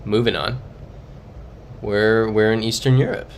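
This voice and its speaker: Young male streamer, low, unhurried, mumbled live commentary, faint background hum. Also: fairly even intonation. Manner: muttering, thinking aloud, reading chat.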